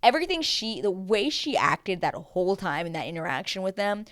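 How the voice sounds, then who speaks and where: A woman's voice: medium pitch, lively intonation, fairly quick, fairly bright tone, no room sound, studio quality. A woman recapping a reality dating show in a casual, gossipy way, talking bluntly, swearing freely and mimicking the cast.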